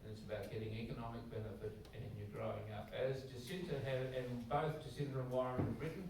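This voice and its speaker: An Australian Anglican priest gives a conversational public talk to a church audience, acting out snippets of dialogue in shifting voices. His mid-range voice has vocal fry, a steady tone and a quick pace. The recording comes from a very echoey hall with a distant mic and faint noise.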